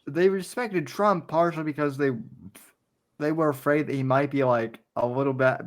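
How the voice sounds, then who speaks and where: A man with a somewhat high voice who takes his time, often restarting sentences. He chats about politics on a casual show and now and then turns to address the audience. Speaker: podcast co-host.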